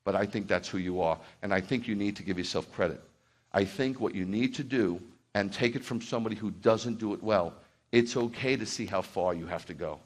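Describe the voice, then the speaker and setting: A man's voice: fairly low pitch, a little fast. A middle-aged man preaching as a pastor in a church, heartfelt and rambling at first, then building to fervent exhortation. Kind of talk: sermon.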